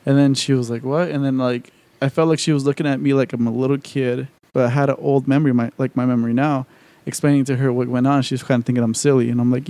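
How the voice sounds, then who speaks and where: A man's voice: medium pitch, little pitch movement, fast, warm tone, no room sound. A man co-hosting a podcast in casual chat, rambling with lots of profanity, fillers and restarts. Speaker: podcast co-host.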